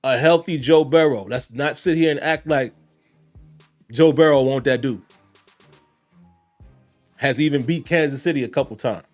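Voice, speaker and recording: A man's voice: medium pitch, normal speed, long pauses, faint music behind. A man hosting a sports fan podcast, talking casually and directly to his listeners. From Richmond. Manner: conversational, addresses listeners directly. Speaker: podcast host.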